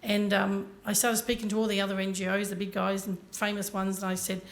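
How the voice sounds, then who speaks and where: Fast-talking woman telling a story. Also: medium pitch, level tone. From Ireland. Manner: earnest, addresses audience directly. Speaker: conference speaker. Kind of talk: motivational storytelling talk.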